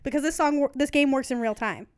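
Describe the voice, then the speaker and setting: A woman's voice: sits high, fast talker, a little mellow. A young woman chatting casually as a podcast co-host, rambling and laughing often. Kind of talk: casual chat.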